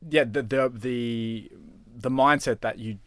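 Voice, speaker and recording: A man's voice: medium pitch, fairly even intonation, slow, a bit bright, no room sound. Earnest man talking shop, dry sound. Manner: earnest, repeats words as he thinks aloud. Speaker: personal trainer guest. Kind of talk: casual chat.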